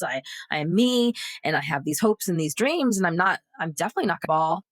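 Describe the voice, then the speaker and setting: A woman, a guest actress on a podcast round table, telling a personal story in a lively way and acting out the other people's voices. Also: lowish voice, dry recording, clean studio sound. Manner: animated, acts out quoted voices.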